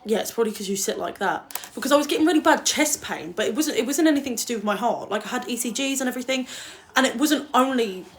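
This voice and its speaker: A young woman chats to her livestream viewers in a casual, rambling way. She is blunt and swears freely, and her voice sits a little on the high side. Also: animated, quick pace. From England.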